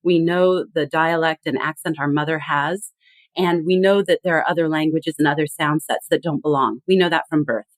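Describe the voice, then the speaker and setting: A woman guest on a podcast, explaining with animated emphasis in a conversational tone. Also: low voice, normal speed, no room sound. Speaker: guest expert.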